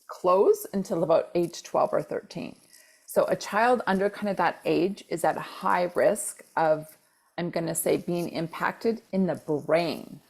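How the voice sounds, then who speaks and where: A woman in her forties telling a personal story on a podcast in a casual, animated way. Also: on the low side, gravelly. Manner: animated, acts out quoted dialogue with repeated exclamations. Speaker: podcast co-host.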